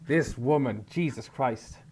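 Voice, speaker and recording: Excitable man doing game commentary. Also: medium pitch, measured pace, slight background noise. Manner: loud excitable exclaiming. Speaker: gaming video creator. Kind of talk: let's play commentary.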